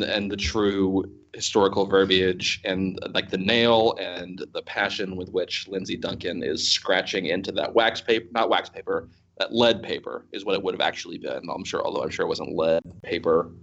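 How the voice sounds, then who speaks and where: Low-voiced rambling man, muffled. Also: steady tone, moderate pace, creaky, a bit bright, slight background noise. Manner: rambling, wry, trails off mid-thought. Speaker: podcast co-host. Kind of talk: casual chat about a TV series.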